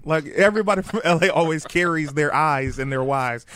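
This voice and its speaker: A man's voice: on the high side, moderate pace, a bit bright. A man hosting a talk show, bantering and joking casually with his guests. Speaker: host.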